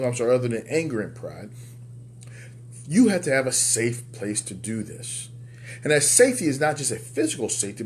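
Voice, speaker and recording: A men's life coach and show host delivers a motivational talk to other men, preaching emphatically and repeating key words for effect. His pitch jumps up on the punch lines. His tone is darkish, and there's slight background noise.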